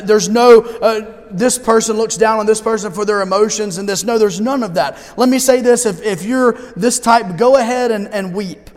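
A man preaching a sermon as pastor in a church, talking conversationally with humor and slowing down for emphasis. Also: high-pitched, in a large hall. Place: church sanctuary.

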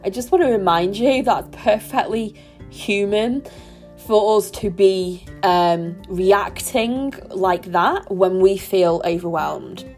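A woman hosting a solo parenting podcast, talking in a gentle, reflective and reassuring way. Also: mid-range voice, slow, soft background music. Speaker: podcast host.

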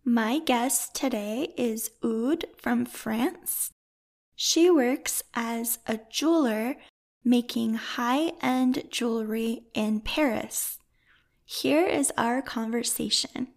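Brief: American woman host, slow careful delivery for learners, fairly high voice. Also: no echo. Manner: slow and deliberate, friendly with frequent ums. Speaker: podcast host. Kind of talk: slow, clear interview for English learners.

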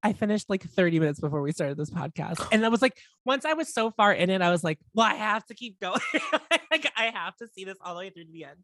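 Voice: mid-range voice, sing-song, fairly bright tone, no echo, studio quality. A podcast co-host chatting casually, laughing often and joking at their own expense. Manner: giggly, quick self-deprecating chat. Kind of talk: casual chat.

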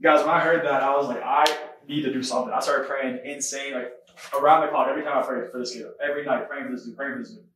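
A young man preaching a testimony sermon, telling stories in a rapid, animated way. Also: medium pitch, distant mic, slight background noise. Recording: echoey room, voice from afar.

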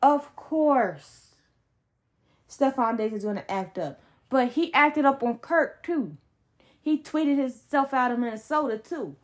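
A woman's voice: sits high, animated, normal speed. Heated young woman ranting about sports. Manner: heated, emphatic, blunt slang. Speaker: podcast host. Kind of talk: solo sports podcast rant.

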